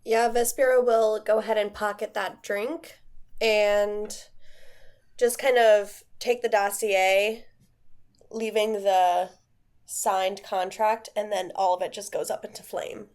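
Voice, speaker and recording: Slow-spoken woman player. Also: mid-range voice, steady tone, a little mellow. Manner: unhurried, matter-of-fact action description. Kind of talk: casual tabletop play.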